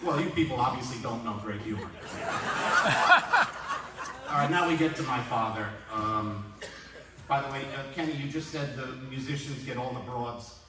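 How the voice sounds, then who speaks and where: A man in his sixties tells dry, self-mocking roast stories. His voice sits at an ordinary pitch. He stands far from the mic, and the recording is full of hall echo and heavy noise. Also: moderate pace, long pauses. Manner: dry joke delivery, self-mocking anecdotes. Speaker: roast speaker. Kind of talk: roast comedy storytelling.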